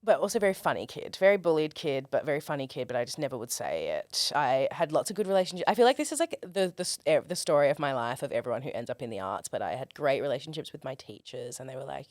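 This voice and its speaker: A young Australian performer telling stories in a casual interview, animated and comic, acting out quoted voices. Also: female voice, very deep voice, fast talker, hardly any pauses, no echo, clean studio sound. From Australia, Perth. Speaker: guest, performer.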